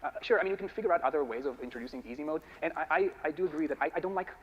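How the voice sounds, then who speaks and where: Male conference speaker, quick and halting Q&A answers, dull lo-fi sound, faint hiss. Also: on the high side. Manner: thoughtful, halting, measured. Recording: muffled talk recording with faint hiss.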